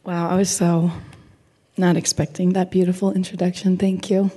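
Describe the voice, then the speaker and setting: A woman in her twenties from Baltimore, a missionary speaking at a women's church seminar, her voice hoarse and her manner nervous and emotional, near tears and laughing. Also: lowish voice, flat delivery, normal speed, dark tone.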